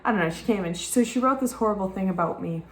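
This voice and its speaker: A young woman with a Southern American accent rambles frankly in a personal vlog, cursing freely as she talks fast at a medium pitch. She's in a white-walled rented room, and the sound is reverberant with a little background noise.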